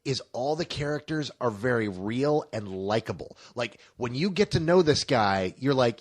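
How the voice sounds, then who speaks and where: A man's voice: medium pitch, animated, moderate pace, hardly any pauses. A man co-hosting a casual film review podcast, enthusiastic and fond of telling anecdotes. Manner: enthusiastic, tells anecdotes with emphasis.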